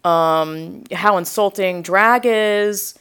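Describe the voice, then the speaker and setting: A young woman podcast host telling a story in a rambling, animated way, full of asides and quoted reactions, with a sore throat. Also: mid-range voice, drawn-out words, smooth. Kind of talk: casual storytelling.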